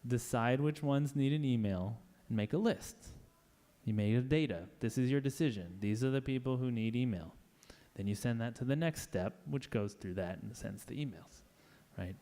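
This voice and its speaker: Chatty man giving a relaxed tech talk. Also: mid-range voice. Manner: chatty, playful, acts out little scenes in voices. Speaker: conference speaker. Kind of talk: casual conference talk.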